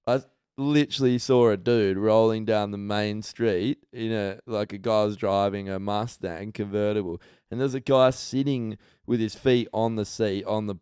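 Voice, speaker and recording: An Australian man telling animated, profanity-laced anecdotes on a casual podcast. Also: fairly low pitch, normal speed, clear, resonant tone, dry recording, studio quality. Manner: swears a lot, animated anecdotes. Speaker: podcast host.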